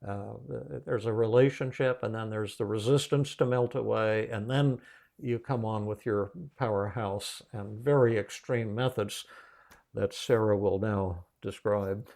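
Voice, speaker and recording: A man hosting a podcast, telling a story in a casual, animated way with many restarts. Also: on the low side, a little slow, vocal fry. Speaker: podcast host and psychiatrist.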